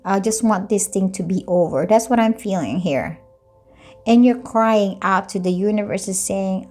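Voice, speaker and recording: A woman's voice: medium pitch, moderate pace, a little mellow. A woman reading tarot cards in a chatty, loose way, often repeating and rephrasing herself. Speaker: tarot reader.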